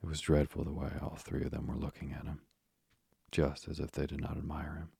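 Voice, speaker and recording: Deep dark-voiced guy reading a storybook, slow and steady, gravelly, dry close sound. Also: no room sound. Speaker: narrator. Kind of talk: storybook narration.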